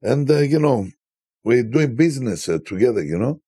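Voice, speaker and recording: Animated husky man telling stories. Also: medium pitch, moderate pace, no room sound, studio quality. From Cyprus. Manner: animated, tells stories by acting out quoted voices. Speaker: DJ guest. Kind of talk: casual storytelling interview.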